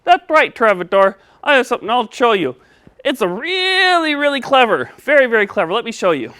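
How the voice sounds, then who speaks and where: Eager puppet boy with a lisp, bouncy and quick to get overexcited, S sounds coming out as T, as voiced by a woman; children's lesson show, dry close sound. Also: on the high side, very animated, a bit bright, smooth, dry recording, voice pushed up. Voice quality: lisp that turns S into T. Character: excitable young puppet boy practicing his S sound.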